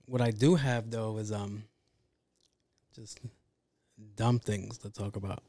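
A man's voice: fairly low pitch, steady tone, slow, warm tone, dry recording. A man hosting a podcast, talking in a casual, rambling monologue full of swearing and self-interruptions. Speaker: podcast host.

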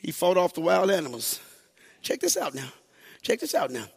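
High, gravelly preacher man. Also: huge pitch swings. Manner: swings from quiet, slow talk to shouted, sing-song exhortation; calls on the congregation to respond. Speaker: pastor. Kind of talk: preaching a sermon.

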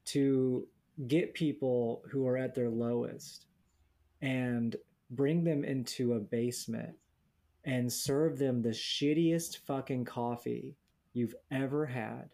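A man's voice: medium pitch, steady tone, slow, creaky, dark tone. A young man in casual conversation, telling stories bluntly and sardonically, with lots of profanity and mocking quoted voices. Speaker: podcast co-host. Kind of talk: casual chat.

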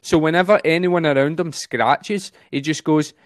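Fast-talking man, dry close sound. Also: on the high side, steady tone, dry recording. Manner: fast-talking, quick laughs. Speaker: comedian. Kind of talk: casual chat.

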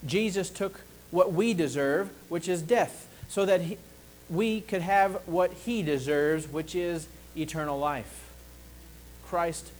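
A man preaching a sermon, slow and deliberate, pausing to ask the congregation for an amen. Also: high-pitched, low-quality recording.

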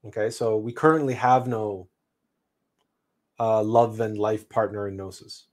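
A man hosting a livestream, telling a personal story in an unhurried, reflective way with frequent restarts. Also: fairly low pitch, fairly even intonation. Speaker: livestream host.

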